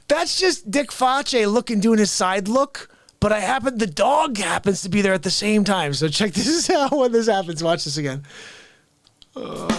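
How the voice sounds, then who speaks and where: A man hosting a live comedy stream, excitable and laughing often. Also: sits high, moderate pace. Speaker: host.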